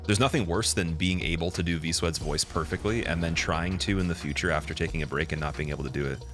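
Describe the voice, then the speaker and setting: A man streaming a game, chatting to his viewers in a loose, giggly way and getting loud and excited when things go wrong. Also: low voice, quick pace, faint music behind. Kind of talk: casual live-stream commentary while playing.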